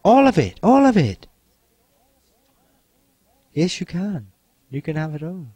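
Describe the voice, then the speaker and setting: A somewhat high-voiced man leads a motivational teaching talk, repeating his phrases slowly and with gentle insistence. He often sinks to a soft, hushed delivery, and the sound is close and dry with no room around it. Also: sing-song, breathy edge, no echo. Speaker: self-help teacher.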